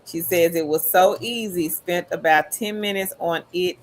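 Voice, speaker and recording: A woman's voice: on the low side, moderate pace, slight background noise. A woman hosting a livestream, reading viewers' chat comments aloud in an upbeat, friendly way. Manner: upbeat, calls viewers queen. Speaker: livestream host.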